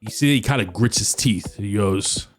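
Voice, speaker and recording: Lower-voiced man narrating a tabletop game. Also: normal speed, faint music behind. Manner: casual, descriptive storytelling. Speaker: game master.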